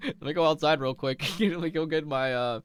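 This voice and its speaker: A man's voice: a little high, a little fast, smooth, faint music behind. A man streaming from home, chatting casually with his viewers, rambling through stories with lots of laughter and restarts.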